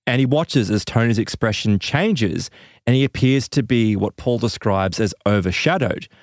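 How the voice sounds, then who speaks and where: A man casually telling a strange story to a co-host, animated and laughing as he acts out quoted voices. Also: fairly low pitch, moderate pace, no echo, clean studio sound.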